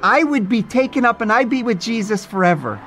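A woman's voice: medium pitch, lively intonation, fairly quick, faint music behind, voice pushed up, natural voice. A man voicing an earnest woman friend who insistently warns a boy of doom. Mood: urgent. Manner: insistent, rising urgency.

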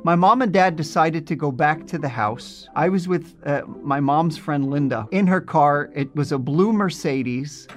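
A middle-aged man from New Jersey narrates his own story with earnest, reflective warmth, his voice sitting a little above the usual male range. A soft instrumental bed plays faintly under his words. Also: a little high, a little slow, hardly any pauses, faint music behind. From New Jersey, USA. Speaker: speaker giving a personal testimony. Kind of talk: recorded testimony video narration.

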